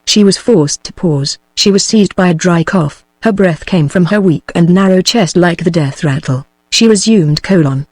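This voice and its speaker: A text-to-speech woman with a British English accent narrating a novel in an even machine reading, saying punctuation marks aloud. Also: lowish voice, normal speed, few pauses, no echo. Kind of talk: synthetic audiobook narration.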